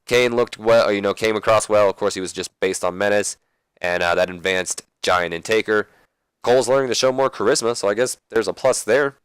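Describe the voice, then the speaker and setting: A man's voice: fairly low pitch, fairly quick, a bit bright, clean tone, no echo. A young man casually recapping a wrestling game, rambling and swearing, correcting himself often. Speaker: let's play commentator.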